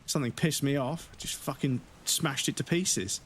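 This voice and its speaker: Frank, sweary streamer. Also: male voice, mid-range voice, normal speed, fairly bright tone, slight background noise. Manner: frank, rambling, heavy swearing. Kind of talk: casual chat while gaming on a livestream.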